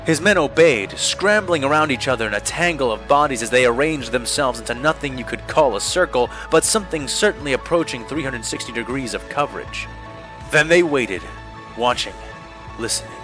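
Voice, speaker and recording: A man reading a fan-made war story aloud as narrator, with steady, dramatic storytelling. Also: mid-range voice, fairly quick, over music, low-quality recording. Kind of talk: scripted audiobook narration.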